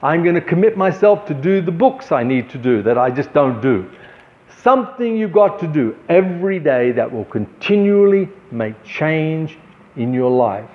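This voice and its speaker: An older man hosting an art show, giving an earnest, slow motivational talk with deliberate pauses. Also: a little high, big pitch swings. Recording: tinny phone-like sound.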